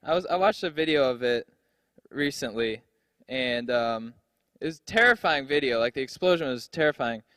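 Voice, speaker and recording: A man's voice: mid-range voice, expressive, normal speed, a bit bright, dry recording, clean studio sound. A young man doing a stand-up comedy set on a handheld stage mic, brash, profane and self-mocking.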